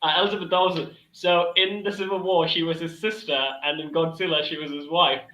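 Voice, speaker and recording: A man with a bright, slightly high voice gives hesitant, rambling opinions in a casual panel chat. His audio is dull and lo-fi, with a roomy echo around it. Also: little pitch movement, a little fast.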